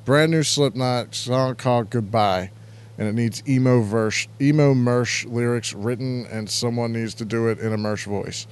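A man's voice: medium pitch, unhurried, clear, resonant tone. A man hosting an internet radio show, chatting casually and crudely, rambling and reading out chat messages. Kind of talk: casual live-stream chat.

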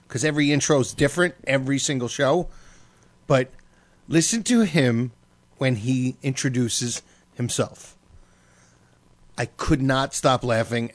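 A man hosting a radio show, telling stories in loose casual banter full of fillers. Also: medium pitch. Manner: loose storytelling with many fillers.

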